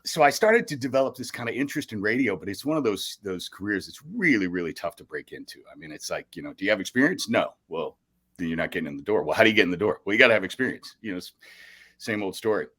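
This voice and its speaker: A middle-aged man, a radio host, telling stories in a casual podcast chat, animated and laughing often as he acts out other people's lines. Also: fairly low pitch, quick pace. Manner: animated storyteller, bursts of laughter, acts out quoted voices.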